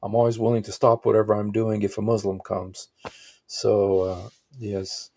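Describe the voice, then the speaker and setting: A man's voice: fairly low pitch, little pitch movement, moderate pace, creaky, mellow, slightly rough. A man hosting a livestream, giving rambling, casual reaction commentary with frequent exclaimed asides. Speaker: livestream host.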